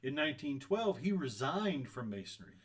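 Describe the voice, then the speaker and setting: A man's voice: mid-range voice, big pitch swings, moderate pace. A man co-hosting a podcast in casual chat, chiming in with short agreements and questions. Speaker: podcast co-host.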